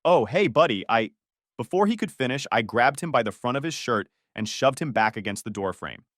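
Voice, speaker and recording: An expressive male narrator recounting a family drama in the first person, his pitch swinging widely as he tells it. The recording is dry and close, with no room around the voice. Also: brisk, no echo. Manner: emotional, with angry outbursts in quoted lines.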